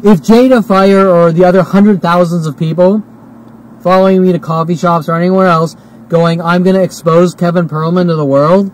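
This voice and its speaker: A man's voice: high voice, low-quality recording. A man in his forties ranting to camera in a heated, repetitive monologue, swearing often and hiccuping and burping as he talks. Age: 40s. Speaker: vlogger.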